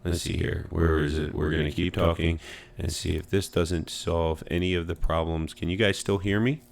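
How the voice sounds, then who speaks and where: A man's voice: sits low, steady tone, normal speed, vocal fry. A young man streaming a game live, chatting casually and interrupting himself while he fixes his audio.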